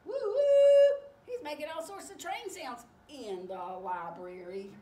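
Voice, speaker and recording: A woman reading a picture book aloud to children, animated and expressive as she tells the story. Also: medium pitch, measured pace. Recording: echoey room, distant mic, faint hiss.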